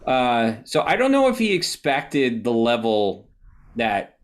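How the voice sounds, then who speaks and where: A man's voice: medium pitch, slow pace. A man hosting a podcast, a film director casually telling behind-the-scenes stories and acting out quotes. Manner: animated, acts out quotes, swears casually. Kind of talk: casual anecdotal storytelling.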